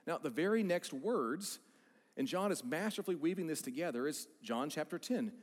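An American man preaching a sermon as a pastor, in an animated, conversational way. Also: fairly high pitch, normal speed, long reverb tail. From United States.

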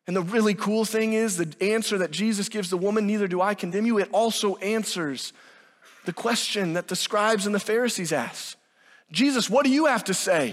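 A man's voice: high-pitched, normal speed, long reverb tail. A man preaching a sermon with emphatic delivery, acting out quoted dialogue. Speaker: pastor.

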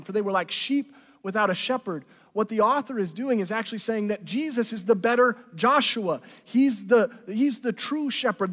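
A man's voice: sits high, a bit bright. A man preaching a sermon as a pastor, earnest and conversational, often restarting his phrases. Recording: long reverb of a hall.

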